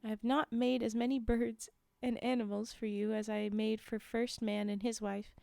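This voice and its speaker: A woman voicing Raven, a male creator spirit bird, in a measured, instructive storytelling tone. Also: on the high side, level tone, gravelly, darkish tone, dry recording, studio quality.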